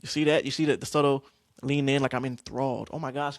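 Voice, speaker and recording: A young man hosting a podcast, casually telling stories about acting class, slangy and animated. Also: mid-range voice, brisk, no echo, studio quality. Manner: animated, acts out scene lines, slangy. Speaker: podcast host.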